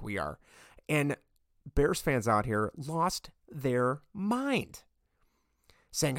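A man hosting a sports podcast, talking casually and getting worked up into loud rants. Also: medium pitch, big pitch swings, very slow, pauses often, no echo, clean studio sound. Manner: ranting, gets worked up and loud. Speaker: podcast host. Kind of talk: casual sports opinion monologue.

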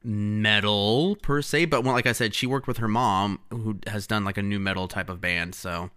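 A man's voice: on the low side, normal speed, pushed and bright, smooth. A young man co-hosting a podcast, chatting casually and rambling with lots of fillers. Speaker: podcast co-host. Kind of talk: casual chat.

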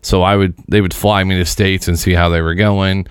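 A man's voice: sits low, level tone, normal speed, clear, resonant tone, no room sound. A man from Indiana telling stories in a casual chat, dry and matter-of-fact.

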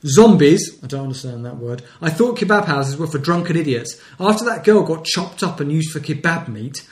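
A man's voice: fairly high pitch, lively intonation, moderate pace. Laughing man reading news, echoey room. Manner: reads news stories aloud, laughing often. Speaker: podcast co-host. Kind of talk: casual comedic news chat. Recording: roomy echo.

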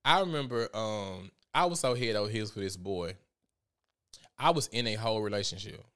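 A man giving casual commentary on a vlog, animated and profane as he tells a story. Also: fairly low pitch, normal speed, smooth. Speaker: vlogger.

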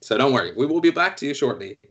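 A man's voice: mid-range voice, big pitch swings, fast talker, a bit bright, lo-fi sound, a little hiss or hum. A man narrating as game master of a tabletop game, rambling and self-deprecating, with lots of fillers.

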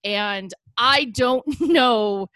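A woman hosting a chatty podcast, her voice bright and a little high. She sounds upbeat and lively, and the sound is dry and close to the mic. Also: very slow, dry recording. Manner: chatty, upbeat, laughs often. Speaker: podcast host. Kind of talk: casual podcast chat.

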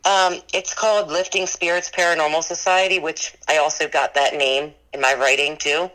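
Earnest, bright-voiced woman telling ghost stories. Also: deep voice, steady tone, moderate pace, low-quality recording. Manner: earnest, rambling, heavy use of "like" and "you know". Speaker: ghost tour business owner. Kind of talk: recounting paranormal experiences in an interview.

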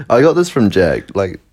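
A man's voice: on the high side, vocal fry, breathy edge. A man co-hosting a podcast, chatting casually, telling stories, laughing often and swearing freely. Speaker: podcast co-host.

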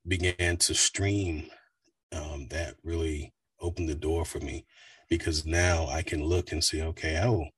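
Brief: man, voice actor in a casual interview, low husky voice, laid-back storyteller. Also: no room sound, far from the mic. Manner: relaxed, rambling storyteller with fillers. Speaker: voice actor guest.

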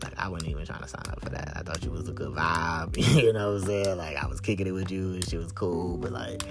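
Young man with a low voice and AAVE, venting blunt and heated with soft music behind. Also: normal speed. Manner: blunt, profane, heated, rising to exasperated highs. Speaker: podcast host. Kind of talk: venting monologue.

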